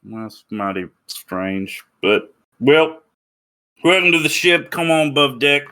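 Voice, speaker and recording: A man voicing a weary older airship captain with a folksy, rough-spoken drawl, who swears casually and hurries people aboard. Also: on the high side, animated, slow, sharp tone, voice pushed up, heavily acted. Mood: welcoming.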